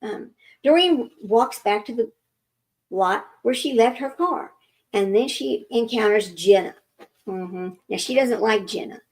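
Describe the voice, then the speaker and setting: A woman's voice: on the high side, expressive, measured pace, a little mellow, rough recording. A woman reading a book aloud and breaking off often for chatty commentary and self-corrections. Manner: chatty, interrupts herself with asides and corrections. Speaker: reader of a book.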